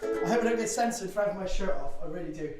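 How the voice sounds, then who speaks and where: A high-voiced man from Bristol, a folk singer-songwriter, jokes and rambles between songs with casual swearing. He sounds far from the mic in a strongly echoing space. A ukulele rings loudly around his talk. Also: rapid-fire, over music. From Bristol, England. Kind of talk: banter between songs at a live-streamed gig. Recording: very echoey, distant mic, loud ukulele.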